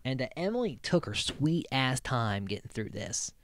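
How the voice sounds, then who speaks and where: A man's voice: medium pitch, sing-song, moderate pace, no room sound. A man hosting a podcast, recapping a reality show in a loose, rambling way with plenty of swearing. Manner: rambling, profane, loose storytelling. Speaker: podcast host.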